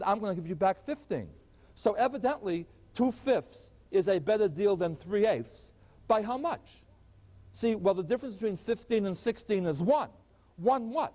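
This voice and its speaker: A math professor with a high but darkish-toned voice works through arithmetic at the chalkboard, repeatedly asking questions and then supplying the answers. This 1980s lecture recording carries a long hall echo.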